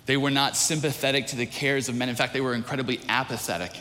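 A man's voice: mid-range voice, fairly even intonation, fast talker, pushed and bright, long reverb tail. A man preaching a sermon in a church, earnest, building his points with repeated phrases and restarts. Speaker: pastor.

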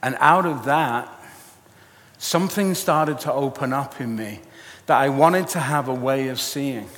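Animated male preacher in echoey hall. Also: medium pitch, measured pace. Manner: animated, storytelling, jokey asides. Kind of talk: sermon.

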